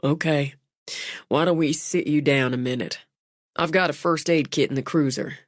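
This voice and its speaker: A woman's voice: low voice, moderate pace, dry recording, studio quality. A woman reading voices a small-town lawman who talks in a mild, matter-of-fact way. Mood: calm, official.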